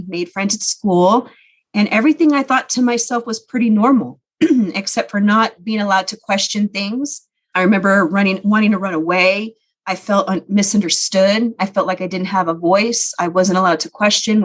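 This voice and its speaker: Woman telling her own story, earnest. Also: medium pitch. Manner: earnest, reflective, with frequent "you know". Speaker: podcast guest. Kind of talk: personal storytelling.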